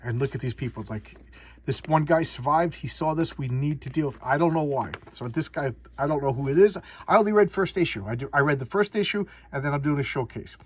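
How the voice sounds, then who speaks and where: A man's voice: a little high, a little fast, husky. A man doing a casual comic book showcase, rambling and often repeating and restarting words.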